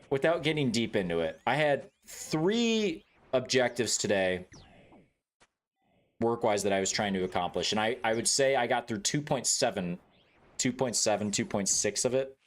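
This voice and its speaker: A man's voice: mid-range voice, expressive, moderate pace. A man streaming a game, chatting casually with his viewers in a joking, laid-back way, swearing freely and laughing often.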